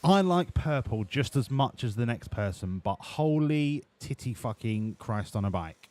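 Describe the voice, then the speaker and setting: Profane, jokey streamer. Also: male voice, mid-range voice, animated, unhurried, a little mellow. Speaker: game streamer. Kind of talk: live-streamed gameplay commentary.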